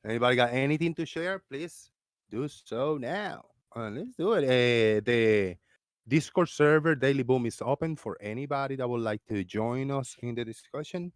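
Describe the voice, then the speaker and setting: An excitable man with a Floridian accent hosts a casual live stream. He rambles and restarts his sentences, and his voice sits close and dry on the mic with no room sound. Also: medium pitch, normal speed, dry recording. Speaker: host of a live call-in discussion.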